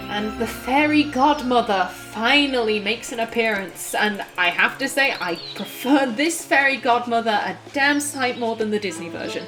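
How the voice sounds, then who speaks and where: A woman's voice: on the high side, expressive, normal speed, hardly any pauses. Chatty woman host, frank asides while playing, game music behind. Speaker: let's play host. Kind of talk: casual game commentary.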